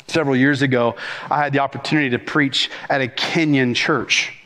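A man preaching a sermon as pastor, with rhythmic, animated delivery and quick bursts of speech. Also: medium pitch, long reverb tail.

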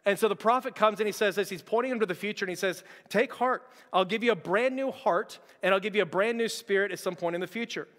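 A man's voice: high-pitched, fast, hardly any pauses, fairly bright tone, long reverb tail. A pastor preaching a sermon to his church in a conversational, emphatic way, with repeated words and casual fillers.

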